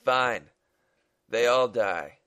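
A man reading aloud voices a cold, menacing masked gunman who leads the group, speaking with slow, contemptuous command. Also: mid-range voice, fairly bright tone, clear, resonant tone.

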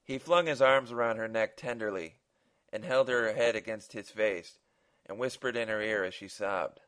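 A man's voice: on the low side, normal speed, fairly bright tone, clear, resonant tone. A man who hosts a podcast reads his own short story aloud, in an earnest, dramatic manner with a few small restarts.

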